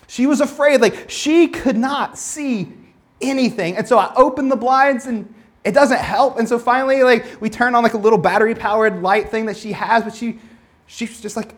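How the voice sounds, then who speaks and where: A man's voice: extremely high pitch, normal speed. Young male preacher, casual storytelling sermon, chatty with lots of fillers and restarts.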